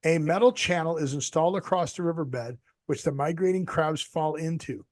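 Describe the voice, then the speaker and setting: A man co-hosting a casual show over a video call, rambling through topics and slipping in deadpan jokes. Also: a little high, moderate pace, no room sound, clean studio sound. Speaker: podcast co-host.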